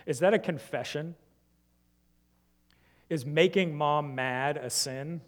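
A man preaching a sermon, questioning his listeners and swinging between emphatic rises and soft, low drops. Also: takes it slowly. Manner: asks the congregation many rhetorical questions.

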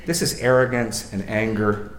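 Man preaching thru a bible passage, goes quiet then loud on the quotes, roomy echo. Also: lowish voice, steady tone. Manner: swings from quiet and slow to loud and emphatic, with acted-out quotes. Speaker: pastor. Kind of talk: expository sermon.

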